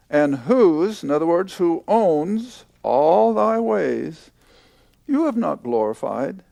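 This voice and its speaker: An older man teaching a Bible lesson to a class, slow and emphatic, repeating key points. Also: fairly high pitch, sing-song, creaky, mellow, dry recording.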